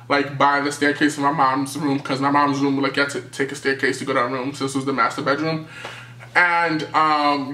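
A young man from New City, telling a storytime tale in a lively, animated way and acting out what people said. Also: a little high, reverberant. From New York City. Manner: animated storytelling, acting out quotes, jumps to yelps. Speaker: vlogger. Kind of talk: storytime vlog.

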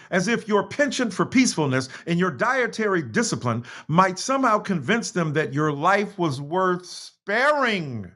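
Impassioned American man, husky, lively pitch. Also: moderate pace, few pauses. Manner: impassioned, emphatic, apologetic asides. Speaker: guest author. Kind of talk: reading aloud in a virtual talk. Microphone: video call.

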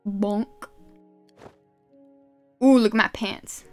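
A high-pitched woman streamer whose voice swoops up and down as she chats and giggles through her gameplay. She talks straight to her viewers into a desk microphone at home, with faint music playing underneath. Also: animated, a little slow. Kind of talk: casual gameplay commentary. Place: home gaming setup.

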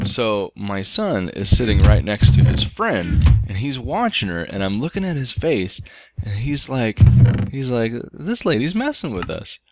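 A man's voice: lowish voice, very animated, measured pace, a little mellow, faint music behind. A man in his thirties hosting a game playthrough, telling a casual story with lots of ums and restarts. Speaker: let's play host. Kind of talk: casual storytelling over gameplay.

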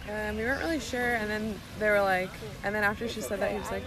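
A woman's voice: mid-range voice, fairly even intonation, fast, few pauses, background noise. A woman vlogger telling a story in a chatty, casual way, full of "like"s and giggly asides.

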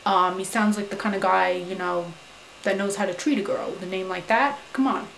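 A woman playing a brash, foul-mouthed young Staten Island woman with a New York accent, who rants loudly and says "you know" a lot. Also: mid-range voice, fairly quick, creaky, lightly acted. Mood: chatty, confident. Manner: loud, profane, indignant, full of "you know". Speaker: advice-giving vlogger character. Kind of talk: comic character monologue to camera. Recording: roomy echo.

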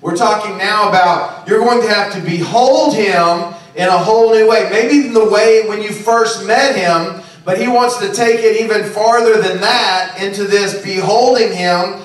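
A man's voice: high-pitched, unhurried, few pauses. A man preaching a sermon in a conversational style, often checking in with listeners by asking "okay?" and "right?". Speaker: pastor. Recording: very echoey, distant room recording.

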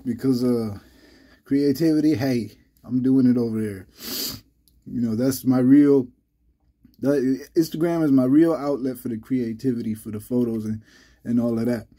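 A man hosting his channel in casual, rambling vlog talk, halting with many restarts, a little under the weather. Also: medium pitch, warm tone, husky. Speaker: channel host.

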